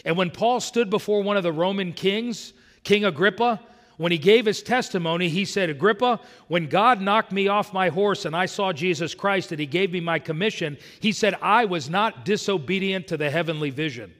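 A man with a fairly high voice delivers an earnest sermon, leaning hard on the scripture he quotes. He is heard in a church sanctuary, and the room leaves a long reverb trailing after his words. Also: moderate pace, a bit bright. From United States. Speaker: pastor.

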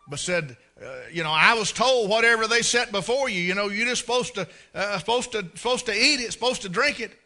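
A man preaching a sermon, telling folksy stories and acting out the scenes. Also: sits high. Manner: folksy, animated storyteller who acts out scenes. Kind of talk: storytelling sermon.

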